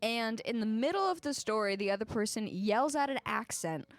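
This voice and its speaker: A woman's voice: on the high side, lively intonation, normal speed, dry recording. A young adult woman co-hosting a casual live stream, explaining things in a giggly, slightly nervous way. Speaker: co-host of a music duo's stream. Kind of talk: casual chat, improvised storytelling.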